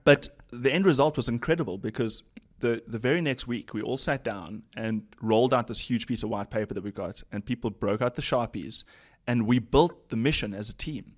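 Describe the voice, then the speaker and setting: A man's voice: medium pitch, fairly quick. A man, a company chief executive, telling anecdotes in a casual podcast interview with frequent laughs. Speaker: company CEO, podcast guest.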